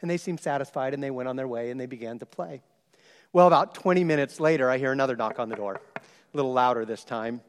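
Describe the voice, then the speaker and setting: A man preaching a sermon, telling a story with lively shifts and loud exclaimed quotes. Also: mid-range voice, fast talker. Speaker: pastor. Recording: long hall reverb.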